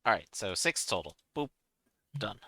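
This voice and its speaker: A man's voice: lowish voice, very animated, moderate pace, pushed and bright. A man playing in a tabletop game, chatting casually and teasing the others. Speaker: player.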